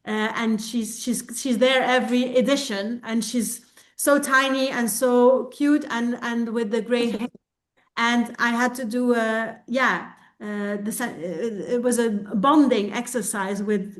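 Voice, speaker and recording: A woman's voice: a little high, steady tone, unhurried. A woman from Belgium sharing a candid, reflective personal account on a group coaching video call.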